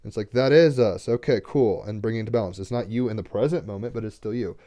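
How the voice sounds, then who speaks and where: A tarot card reader with a low, mellow voice rambles fast and earnestly during a casual spiritual livestream, leaning on fillers like "like" and "right?". He grows tearful and emotional as he talks.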